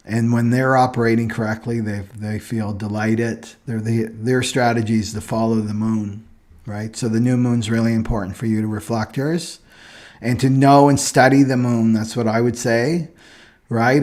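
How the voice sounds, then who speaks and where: A man with a fairly low voice hosts a relaxed livestream lesson. He explains things loosely as he goes and keeps checking in with his listeners by asking "right?". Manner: loose, rambling, tags points with "right?". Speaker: astrology livestream host. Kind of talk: casual teaching livestream.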